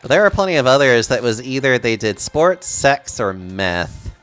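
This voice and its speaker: A man from Texas chatting casually while streaming a game, animated and rambling, often laughing. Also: mid-range voice, normal speed, faint music behind.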